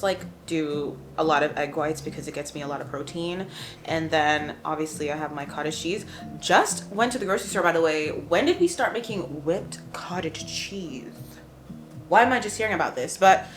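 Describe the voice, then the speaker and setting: A woman's voice: deep voice, a bit bright. A young woman chatting casually to camera as a lifestyle vlogger, rambling along with lots of "like" from her couch at home. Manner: chatty and rambling, heavy use of "like". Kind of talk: casual vlog chat to camera.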